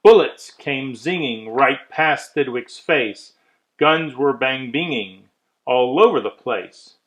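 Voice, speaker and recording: A man reading a rhyming children's story aloud with measured, expressive delivery. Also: medium pitch, poor audio.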